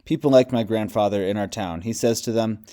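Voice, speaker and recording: A man reading as a calm male hypnosis patient. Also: lowish voice, close to an everyday voice. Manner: calm, measured first-person recounting. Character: male hypnosis patient recalling his death calmly.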